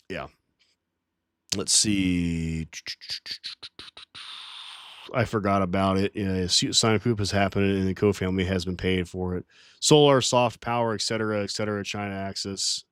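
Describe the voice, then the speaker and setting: Male streamer, casual livestream rant; profane and rambling, animated voice, dry sound. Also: medium pitch, dry recording. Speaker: streamer reading live chat.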